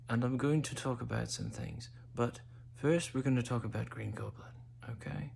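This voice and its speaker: A man hosting a casual monologue while high, drifting into whispery asides. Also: expressive, measured pace, creaky, a little hiss or hum. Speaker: host.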